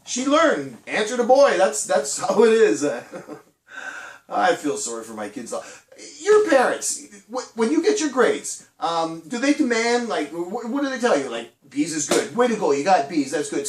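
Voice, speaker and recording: A middle-aged man giving a chatty, animated children's church talk, acting out little voices and laughing as he tells stories. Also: high voice, roomy sound, recorded from a distance.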